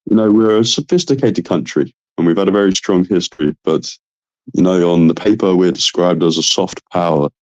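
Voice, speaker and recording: A man's voice: low voice, a little fast, a little mellow, no echo, highs cut off. A man from southern England with a southern English accent, a volunteer soldier, chatting in an easygoing, upbeat way. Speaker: British volunteer soldier in Ukraine. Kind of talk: casual chat on a live stream.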